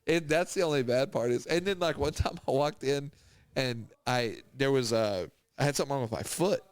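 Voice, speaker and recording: A man's voice: mid-range voice, moderate pace, clean tone, no room sound. A young man telling stories in a casual podcast chat, laughing often as he talks. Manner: laughs often, animated storyteller. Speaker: podcast co-host.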